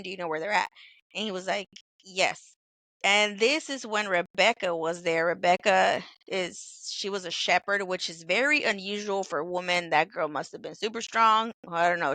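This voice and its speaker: A young woman casually retelling Bible stories on a podcast, chatty, acting out dialogue with quick asides. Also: on the low side, sharp tone, no room sound. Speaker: podcast co-host.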